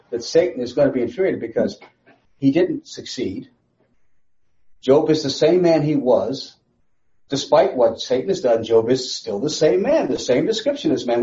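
A man leading a relaxed Bible study, his pitch swooping up and down as he presses a point with rhetorical questions. His voice is mellow and a little high for a man. The recording sounds dull and lo-fi. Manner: emphatic, rhetorical questions, repeats phrases. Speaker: Bible teacher.

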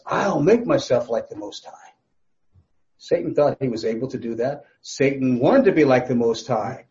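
A man's voice: mid-range voice, darkish tone, dull audio. A man preaching a Bible sermon in a conversational way, asking the listeners questions and making small jokes. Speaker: pastor.

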